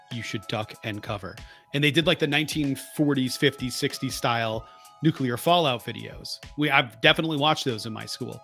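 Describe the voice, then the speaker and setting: During a casual podcast conversation, the co-host, a man in his thirties, rambles through his stories and keeps correcting himself as he goes. His voice is mid-range and a little bright.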